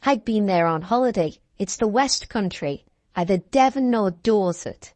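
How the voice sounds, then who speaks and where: A woman's voice: mid-range voice, animated, unhurried, darkish tone, dry recording. Playful woman, dry close sound. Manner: playful, teasing. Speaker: quiz contestant. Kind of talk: casual banter.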